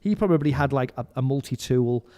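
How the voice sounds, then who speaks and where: A man who stage-manages live music tells backstage tales as a podcast guest, his mid-range, dark voice animated and a little fast. It's casual, rambling storytelling stuffed with "like" and other fillers, captured indoors in a reverberant room with a long echo.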